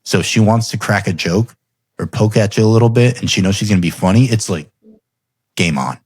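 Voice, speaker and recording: Speaking a little fast in a husky, fairly low voice, a man hosts a podcast on a dry recording. He swaps family stories casually, laughing frequently and getting livelier as he talks.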